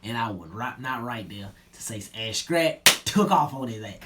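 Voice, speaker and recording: A young man tells a story in an easygoing, slangy way. His voice sits at an ordinary pitch. His sentences often sink low and soft at the end. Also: animated, normal speed, very noisy. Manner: laid-back slangy retelling, drops low and quiet at line ends. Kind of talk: casual storytelling.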